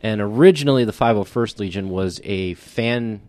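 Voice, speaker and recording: A man's voice: fairly low pitch, normal speed, a little mellow, no room sound. A man co-hosting a podcast in casual chat, easygoing, full of "like" and "you know". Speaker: podcast co-host.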